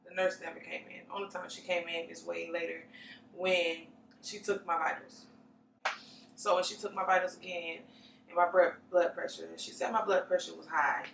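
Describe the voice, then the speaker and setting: A young woman giving a personal testimony in an interview, recounting events earnestly and haltingly, often restarting her sentences. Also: lowish voice, steady tone, gravelly, fairly bright tone. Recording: echoey room, distant mic, faint noise.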